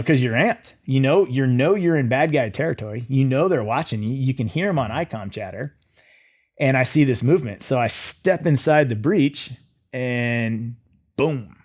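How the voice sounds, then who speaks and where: A middle-aged man, a former soldier, telling his story as an interview guest in a lively way, acting out his own thoughts. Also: mid-range voice, moderate pace. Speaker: guest, former Green Beret.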